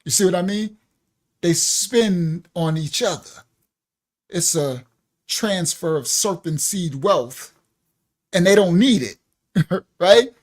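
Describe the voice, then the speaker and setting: A man's voice: high-pitched, lively intonation, slow, pauses often. An older man hosting a casual livestream, reading viewer comments aloud, laughing often and searching for words with plenty of fillers. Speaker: livestream host. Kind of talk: casual live-stream chat.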